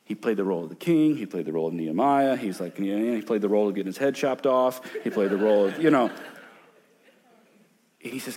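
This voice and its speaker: A man in his thirties, a pastor preaching a sermon, moving from loud emphatic points to hushed storytelling. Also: lowish voice, expressive, fairly quick. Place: church sanctuary.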